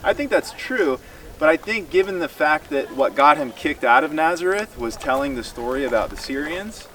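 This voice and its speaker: Emphatic man teaching outdoors, far mic. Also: mid-range voice. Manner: animated and emphatic, acts out quoted dialogue. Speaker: tour speaker teaching a group. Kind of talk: outdoor Bible teaching to a tour group. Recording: distant mic outdoors with crowd noise.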